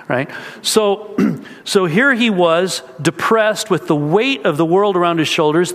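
In an echoey hall, a pastor delivers an earnest, story-driven sermon with casual asides to his congregation. His voice is fairly high and fairly bright.

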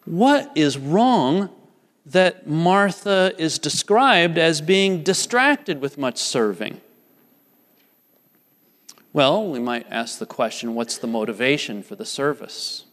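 A man's voice: a little high, animated, takes it slowly, fairly bright tone. A man preaching a sermon earnestly, putting repeated questions to his congregation in a church. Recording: church hall reverb.

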